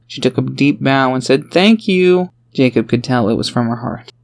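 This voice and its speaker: An audiobook narrator reads a fantasy story aloud in plain storytelling style. His medium-pitched voice stays level and has vocal fry, moving at a fairly quick pace.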